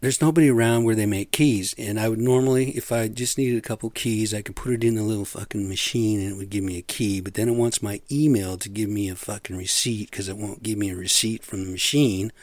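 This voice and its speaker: A man's voice: fairly low pitch, fairly even intonation, brisk, hardly any pauses, darkish tone, dry recording. A man giving a rambling, blunt rant full of swearing, talking casually about his day and whatever crosses his mind.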